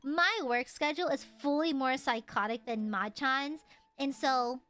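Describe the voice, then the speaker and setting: A woman streamer in casual chat with her viewers, playful and teasing, jumping from loud squeals to low mutters. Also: a little slow, faint music behind.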